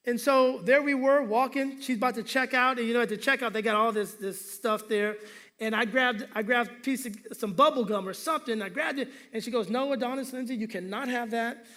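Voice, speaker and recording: A man's voice: very high voice, fairly quick, pushed and bright. A male pastor preaching a sermon, telling humorous stories and calling for responses from the congregation.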